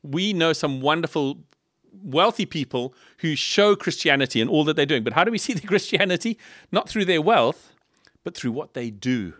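A man from Africa, preaching a sermon in a lively style full of rhetorical questions and humorous asides. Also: on the high side, moderate pace, no room sound, studio quality. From South Africa. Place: church in Liverpool.

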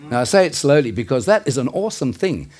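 A man's voice: medium pitch, very animated, fast talker, darkish tone. A man preaching a sermon in an earnest, conversational way, with asides and self-corrections.

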